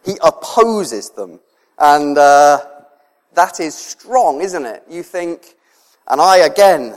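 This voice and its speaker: A man's voice: on the high side, animated, slow, pauses often. Preacher man in a reverberant hall. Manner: conversational, chuckles often, emotional. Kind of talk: sermon.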